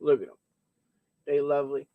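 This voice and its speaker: A man's voice: fairly high pitch, fairly even intonation, moderate pace, narrow, tinny audio. A man hosting a coin auction livestream, chatting casually and joking as he talks straight to his viewers.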